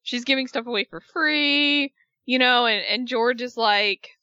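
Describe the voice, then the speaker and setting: A woman co-hosting a casual chat, recapping a show with lively retellings and quoted voices. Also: fairly high pitch, measured pace, clean tone, no echo, dull audio. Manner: animated retelling, acting out the people she quotes. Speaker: podcast co-host recapping a reality show.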